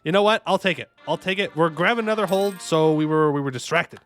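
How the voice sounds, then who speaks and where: A man streaming a strategy game, commenting casually and excitably, talking to himself and his chat with jokey asides. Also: a little high, fast talker. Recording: faint music behind the voice.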